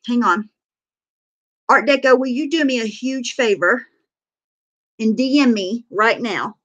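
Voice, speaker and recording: A woman's voice: fairly high pitch, measured pace, long pauses, a bit bright. A woman talks straight to her livestream chat in a loose, casual way. She is candid and blunt, swears freely, and fills her sentences with "you know" and "like.". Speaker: livestreamer sharing her recovery story.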